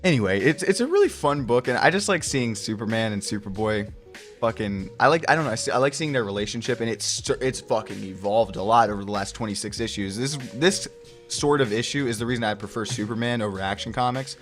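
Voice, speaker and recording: A young man casually reviewing a comic book, rambling and profane, often slipping into quick put-on voices for the characters. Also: mid-range voice, animated, faint music behind.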